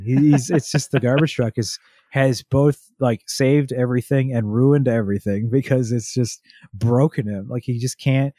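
A young adult man on a casual podcast, telling parenting stories with lively acted-out quotes of his toddler. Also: mid-range voice, normal speed, no room sound, studio quality. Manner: animated storyteller acting out a toddler's lines. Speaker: podcast co-host. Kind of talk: casual chat about parenting.

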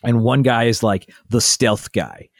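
A man's voice: mid-range voice, unhurried, vocal fry, dry recording, clean studio sound. A man co-hosting a casual chat, explaining at length in a rambling, chatty way. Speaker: podcast co-host.

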